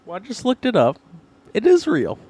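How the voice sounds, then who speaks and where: A man's voice: sits high, wildly swooping pitch, moderate pace, darkish tone, a little hiss or hum. A man on a casual podcast chat, dropping short, dry interjections.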